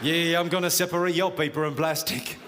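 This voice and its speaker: Man doing a low sexy drawl, 1970s New York seducer, smooth and slow, echoey hall, audience roaring. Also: steady tone, heavy background noise, close to an everyday voice. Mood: seductive. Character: smooth-talking 1970s blaxploitation seducer, male. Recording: echoey live hall, loud audience laughter.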